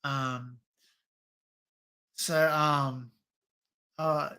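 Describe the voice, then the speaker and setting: A man's voice: fairly high pitch, steady tone, extremely slow, sharp tone, clean tone. A middle-aged Australian man hosting a casual livestream chat, rambling with lots of fillers and restarts. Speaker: livestream host.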